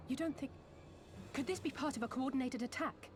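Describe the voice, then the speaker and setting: A woman's voice: high-pitched, brisk, breathy edge. An actress voicing a woman warrior in a game cutscene, giving urgent, clipped battle calls. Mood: alarmed.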